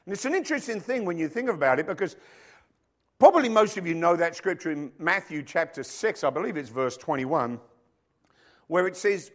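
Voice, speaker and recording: Animated preacher with a lively voice. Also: male voice, a little high, brisk. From rugby-playing country, emigrated to Africa. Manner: animated, jokey storytelling with loud acted quotes. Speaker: pastor. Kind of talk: sermon.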